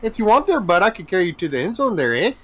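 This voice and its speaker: A man's voice: high-pitched, very animated, fast, bright, forceful tone, breathy edge, voice pushed up, full character voice. A man voicing an overly polite, apologetic Canadian man who tacks "eh" and "there, bud" onto his lines. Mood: sheepish polite.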